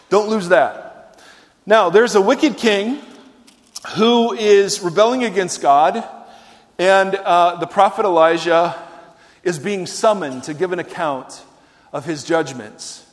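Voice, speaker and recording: A man preaching a sermon in a conversational way, often asking the audience questions and adding wry humor. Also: high-pitched. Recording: long hall reverb.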